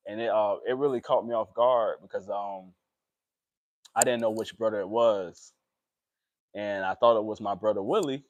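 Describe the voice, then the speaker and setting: A young man, talking emotionally and haltingly in a personal vlog, with many pauses and fillers. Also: lowish voice, fairly even intonation, dry recording. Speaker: vlogger.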